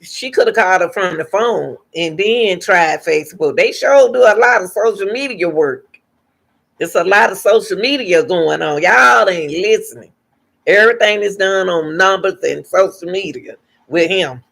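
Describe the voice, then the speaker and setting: A woman's voice: mid-range voice, normal speed, vocal fry, a bit bright. A woman hosting a reaction channel, giving emphatic commentary and repeating her points to her viewers.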